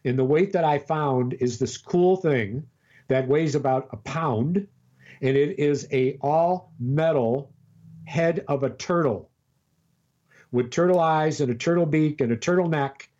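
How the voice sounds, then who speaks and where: An older man, a grandfather, telling a long rambling story in casual chat over a call, with halting restarts. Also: on the high side, warm tone, dull audio.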